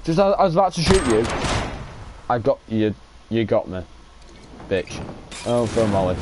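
Excitable swearing lad gaming. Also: male voice, fairly high pitch, takes it slowly, pauses often, noisy background. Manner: excitable, swears a lot, shouts at the game. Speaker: gaming streamer. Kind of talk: live gameplay commentary.

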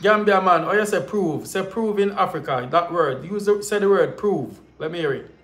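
A man's voice: high-pitched, moderate pace, a bit bright, echoey room. A man with a Jamaican accent hosting a livestream, chatting playfully and teasing his guest. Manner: playful, teasing, laughs often. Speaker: livestream host. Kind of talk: casual chat.

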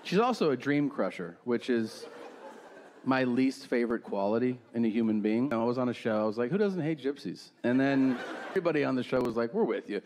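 Guy doing raunchy standup, deadpan, acts out the quotes, faint room hum behind. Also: mid-range voice, a little fast. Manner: brash, crude, deadpan storytelling with acted-out quotes. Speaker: stand-up comedian. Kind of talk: stand-up comedy set. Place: comedy theater stage with live audience.

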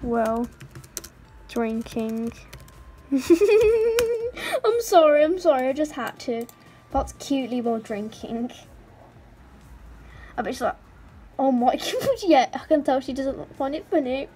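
Giggly high-voiced woman gaming. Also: measured pace, pauses often, mellow, slight background noise. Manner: giggly, playful, chatters to in-game characters. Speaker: gaming channel host. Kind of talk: casual game commentary.

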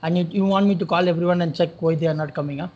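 Husky-voiced exasperated Indian trainer man. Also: fairly high pitch, fairly even intonation, racing, a little mellow, lo-fi sound. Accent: Indian English. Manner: exasperated, scolding, repeats questions. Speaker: technical trainer. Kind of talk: classroom lecture.

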